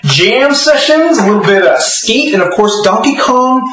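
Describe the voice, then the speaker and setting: A man's voice: extremely high pitch, big pitch swings, moderate pace. A man co-hosting a casual gaming podcast, chatty and a bit hesitant, laughing often. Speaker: podcast co-host. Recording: echoey room far from the mic, music behind.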